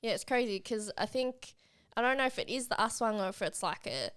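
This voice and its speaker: A woman's voice: fairly high pitch, expressive, brisk, fairly bright tone, smooth. A woman co-hosting a podcast in casual chat. She explains things at length in a chatty way and laughs easily. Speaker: podcast co-host.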